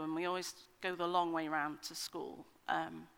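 A woman's voice: low voice, flat delivery, normal speed, a bit bright, clear, resonant tone. A middle-aged woman giving an earnest, conversational personal-testimony sermon, with frequent ums and restarts. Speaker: speaker at a church meeting. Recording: hall with long reverb.

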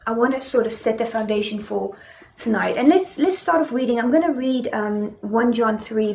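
A woman's voice: on the high side, gravelly, darkish tone. A young woman with a South African accent preaching a sermon in a conversational, storytelling way, with many fillers.

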